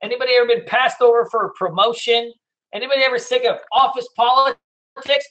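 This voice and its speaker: A man with a very high voice gives a casual sales pitch for his trading course. His tone is bright and forceful, and he talks bluntly to the audience, swearing freely. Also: fairly even intonation, fairly quick, muffled recording. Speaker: day trading instructor.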